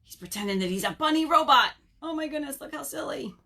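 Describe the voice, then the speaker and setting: Librarian lady doing storytime from home, bright sing-song voice, keeps asking the kids questions. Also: high-pitched, quick pace, gravelly. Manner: animated, sing-song, asks children questions. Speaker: children's librarian. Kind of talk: storytime read-aloud for children.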